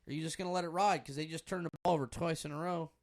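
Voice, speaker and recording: A young man hosts a podcast while watching a basketball game, chatting casually and swearing freely. His voice is fairly high and steady in tone, and he talks very fast.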